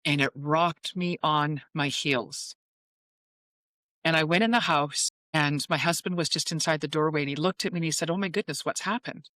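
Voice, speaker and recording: A woman with a low-sitting voice speaks at a moderate pace, no echo present. As a psychic medium in her fifties being interviewed, she tells a personal story, animatedly voicing the dialogue within it.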